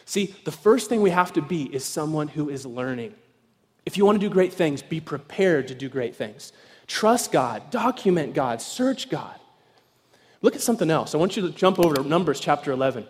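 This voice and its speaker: A man preaching an evening sermon as pastor, telling a story animatedly and acting out voices, sometimes shouting with excitement. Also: on the high side, moderate pace. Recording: long reverb in a large hall.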